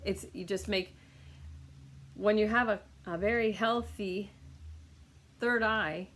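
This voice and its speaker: A woman's voice: medium pitch, steady tone, takes it slowly, fairly bright tone. A woman giving a casual, rambling recorded healing reading to a client, with lots of fillers and restarts. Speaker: energy healer reading for a client.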